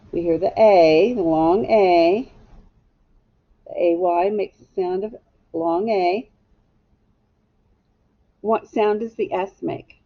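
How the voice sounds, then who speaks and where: A woman teaches a phonics lesson to young children, spelling each word slowly and patiently, one letter at a time. Her voice has a gravelly edge at a middle pitch, and she speaks at a very unhurried pace. The sound is dull and lo-fi, like a home-made video.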